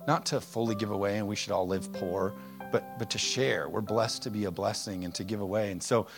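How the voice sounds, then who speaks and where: A man preaching a conversational, energetic sermon full of rhetorical questions. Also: lowish voice, a little fast, music in the background. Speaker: pastor.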